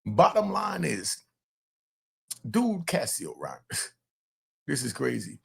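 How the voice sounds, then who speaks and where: This older true crime commentator and host, a grandfather, speaks bluntly and animatedly to his audience in casual streetwise remarks to camera. His voice is medium in pitch yet swings hugely, gravelly and slightly rough, and he takes it slowly.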